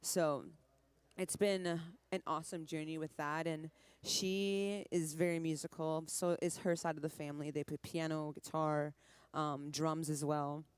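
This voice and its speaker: A woman's voice: low voice, fairly even intonation, smooth, no echo. A woman in her twenties from Trinidad, a musician chatting in an interview with a light Caribbean touch under an American accent, laughing often. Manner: chatty, laughing, quick asides. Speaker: musician guest. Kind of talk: casual interview chat.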